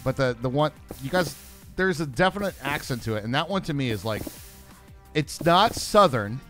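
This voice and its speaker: A man's voice: medium pitch, animated, moderate pace, fairly bright tone. A man from Pennsylvania co-hosting a game stream, laid-back and joking, thanking viewers. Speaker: streamer co-host. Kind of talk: casual gameplay chat. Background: game music.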